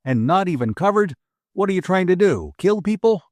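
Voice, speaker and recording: A man's voice: medium pitch, big pitch swings, a little slow, no echo, studio quality. A man voicing a brusque, commanding male state trooper who snaps out orders. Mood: stern. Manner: curt, forceful orders.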